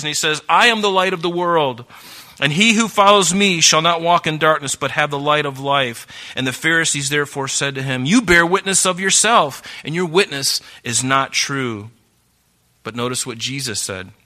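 A man preaching a sermon, reading scripture aloud and urging listeners to mark their Bibles, earnest and moving between hushed and emphatic delivery. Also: a little high, moderate pace.

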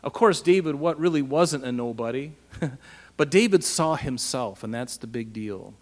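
A pastor preaching a casual, animated Bible-teaching sermon, asking his listeners rhetorical questions. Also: medium pitch, unhurried, in a large hall.

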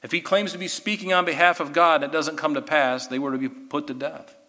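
A man teaching a Bible study class, animated and given to sarcastic asides. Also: on the high side, a little fast, in a large hall.

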